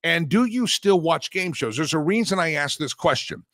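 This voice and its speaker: Bright-voiced mocking male talk host. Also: on the high side, animated, normal speed, dry recording. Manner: mocking, rambling, chuckling asides. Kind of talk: political commentary show.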